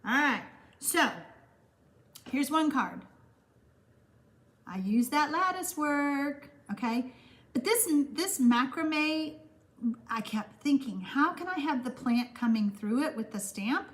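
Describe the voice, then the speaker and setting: A woman's voice: high-pitched, animated, slow, pauses often. A woman with a Texan accent hosting a chatty card-making live stream, gushing and rambling as she reads viewer comments. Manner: warm, gushing, rambling with fillers.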